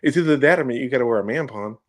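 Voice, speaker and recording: A man co-hosting a casual talk show who listens, cracks jokes and reacts loudly, sometimes swearing. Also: medium pitch, rapid-fire. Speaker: co-host. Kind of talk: casual chat.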